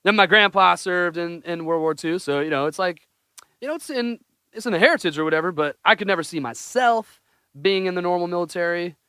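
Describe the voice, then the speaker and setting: A young man co-hosting a casual podcast chat, excitable, laughing often and swearing casually. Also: high voice, fairly quick, smooth, no echo, studio quality. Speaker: podcast co-host.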